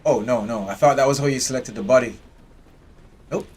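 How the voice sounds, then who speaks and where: A man's voice: medium pitch, a little fast, darkish tone, breathy edge. A man giving live commentary while playing a strategy game, chatting and talking to his game characters. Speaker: game streamer.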